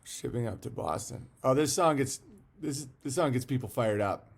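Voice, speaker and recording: A man's voice: mid-range voice, normal speed, vocal fry. Rambling man chatting on a livestream. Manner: rambling, reads viewer comments aloud; blunt and profane. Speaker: livestream host. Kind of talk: casual livestream chat.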